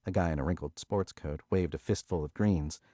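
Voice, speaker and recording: A man narrating a thriller audiobook in a steady, measured way on a close studio mic. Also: sits low, no room sound.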